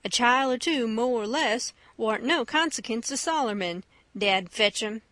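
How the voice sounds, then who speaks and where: A woman's voice: a little high, lively intonation, normal speed, fairly bright tone, dry recording. A woman reading the lines of a stubborn grown man who keeps insisting in an argument with a boy, in an audiobook.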